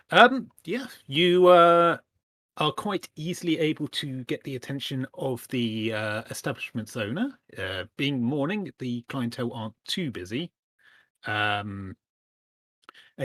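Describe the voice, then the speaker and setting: A man's voice: mid-range voice, fairly bright tone, no echo. A man standing in as game master, narrating a tabletop game with many ums and apologies.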